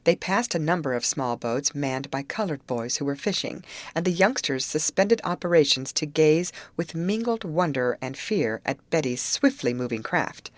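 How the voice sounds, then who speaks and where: A woman narrating an audiobook aloud, voicing the characters' lines with higher pitch. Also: moderate pace, hardly any pauses, no echo. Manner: lively reading, raises pitch for the girls' lines. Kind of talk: scripted narration.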